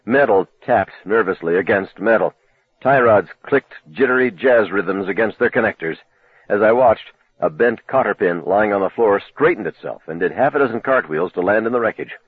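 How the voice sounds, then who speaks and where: A man narrating a novel in the first person, telling it in a measured, low, dramatic manner. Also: expressive, husky, dry recording. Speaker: audiobook narrator. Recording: tinny phone-like dry recording.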